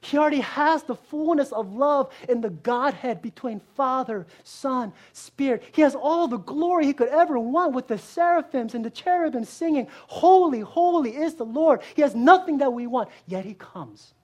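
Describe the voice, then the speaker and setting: A woman pastor giving a sermon, earnest, asking rhetorical questions and moving between strong emphasis and quiet, hushed lines. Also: high voice, lively intonation, moderate pace, few pauses.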